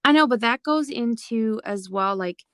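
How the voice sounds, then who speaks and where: A woman's voice: on the high side, expressive, moderate pace, fairly bright tone, clear, resonant tone, dry recording, clean studio sound. A young adult woman guest on a podcast, speaking earnestly and openly. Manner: earnest, open and reflective. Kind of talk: casual podcast interview.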